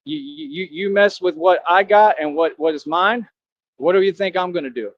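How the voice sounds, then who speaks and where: A man's voice: sits high, lively intonation, moderate pace, a little hiss or hum. Defiant man, rambling monologue. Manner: defiant, preachy, repetitive. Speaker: streamer. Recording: dull lo-fi sound.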